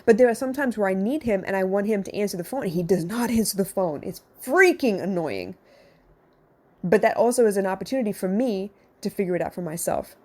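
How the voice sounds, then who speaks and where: A woman's voice: medium pitch, expressive, fairly quick, dark tone. A woman counselor hosting a podcast, giving blunt, direct advice to her listeners in a casual monologue with some swearing. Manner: conversational, addressing listeners directly.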